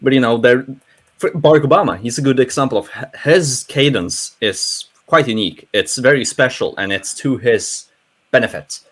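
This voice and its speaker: Young man, Norwegian accent, non-native English, casual panel talk, lively and self-interrupting. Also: mid-range voice, normal speed. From Norway. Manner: rambling, animated, many restarts.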